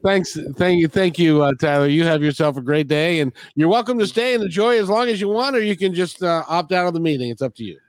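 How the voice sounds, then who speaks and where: A man hosting a casual interview, talking in a halting way and repeating his words often. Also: fairly high pitch, expressive, no room sound. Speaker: podcast host.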